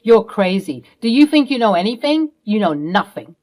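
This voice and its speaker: A woman's voice: mid-range voice, sing-song, moderate pace, a little mellow, lightly acted. A woman voicing a scheming middle-aged stepfather who stammers and snaps defensively. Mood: indignant.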